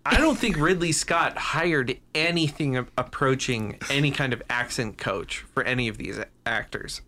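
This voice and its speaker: A man co-hosting a casual movie podcast, animated and profane, mocking films with exaggerated impressions. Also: medium pitch, normal speed. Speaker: podcast co-host.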